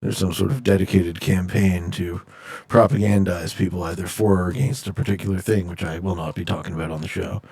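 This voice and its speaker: Jokey gravelly male streamer chatting. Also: low voice, level tone, brisk, a little mellow. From Canada. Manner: jokey, reads viewer chat aloud and answers. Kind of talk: casual live-stream chat while gaming.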